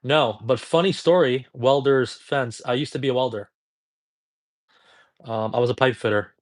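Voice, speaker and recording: A man in his thirties, a dating coach, answering chat questions on a live stream in a casual, profane, high-energy way. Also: normal speed. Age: 30s.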